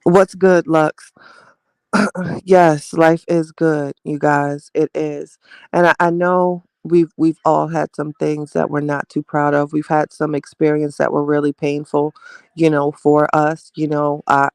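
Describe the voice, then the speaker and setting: A chatty man hosting a live stream, his voice gravelly and a touch high, speaking in a fairly flat tone. He greets viewers by name and calls them child and baby. The sound is dry and close to the mic. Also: no echo. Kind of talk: casual live stream chat reading viewer comments.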